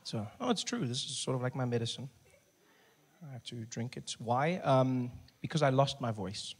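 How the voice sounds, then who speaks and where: A man from South Africa performing a stand-up comedy set, telling stories with lively character voices and sudden soft passages. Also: medium pitch, normal speed, husky. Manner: animated storytelling, acts out characters, drops into soft voice. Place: live comedy venue with audience.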